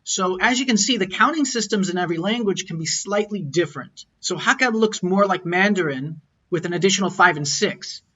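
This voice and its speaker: A man's voice: sits high, fairly quick, sharp tone, slightly rough. A man teaching an online lesson over slides, explaining patiently and sounding out tones as examples. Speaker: language teacher. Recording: dull lo-fi audio.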